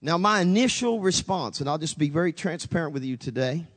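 A man's voice: on the high side, animated, a little fast, long reverb tail. A pastor preaching a sermon, telling a story with dramatic swings, acting out both his own voice and God's. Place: church sanctuary.

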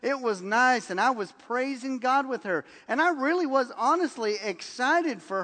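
This man's voice is extremely high, with a measured pace, few pauses and a long reverb tail. He is a pastor giving a sermon, animatedly telling stories and acting out people's quotes with laughs.

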